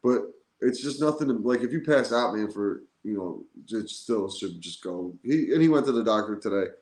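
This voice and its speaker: Podcast co-host, male, low-ish voice, lively storyteller, roomy echo. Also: moderate pace. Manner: animated storytelling, heavy use of "like". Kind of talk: casual chat. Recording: echoey room.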